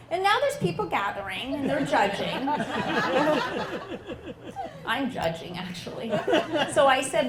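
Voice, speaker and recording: High-voiced woman doing stand-up. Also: slow, pauses often, reverberant, heavy background noise. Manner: animated storytelling, acts out family members. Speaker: stand-up comedian. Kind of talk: stand-up comedy set. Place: outdoor backyard show.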